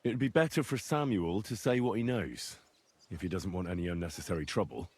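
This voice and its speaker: A man's voice: low voice, fairly quick, slightly rough, no room sound. An actor voicing a plain-spoken young man in a medieval game, blunt with a dry humor. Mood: steady. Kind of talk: game dialogue.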